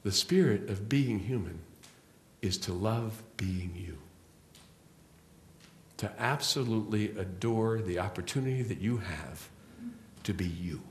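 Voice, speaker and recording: A middle-aged man giving an inspirational spiritual talk as guest speaker in a church hall, telling stories with slow, emphatic rises and drops. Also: on the low side, a little hiss or hum. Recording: roomy hall echo.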